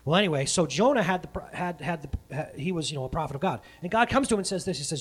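A male preacher gives a loose, conversational sermon with a fairly high voice that swings widely up and down. He jokes as he retells the story, adds playful asides, and often stops mid-sentence to fix what he said. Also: expressive, fast, hardly any pauses, breathy edge. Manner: self-correcting, breaks off mid-sentence. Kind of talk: casual sermon.

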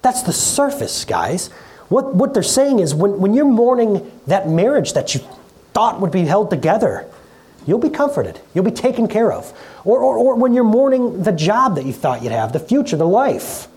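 A middle-aged pastor preaching in a relaxed, conversational way in a church, often repeating words and laughing at themself. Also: medium pitch, moderate pace. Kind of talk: conversational sermon. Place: church hall.

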